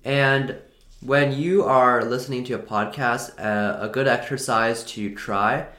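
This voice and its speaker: A man's voice: medium pitch, fairly even intonation, a little slow, sharp tone. A man hosting a language-learning talk, explaining in a loose, unscripted way and often rephrasing himself mid-sentence. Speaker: English learning podcast host. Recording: echoey room.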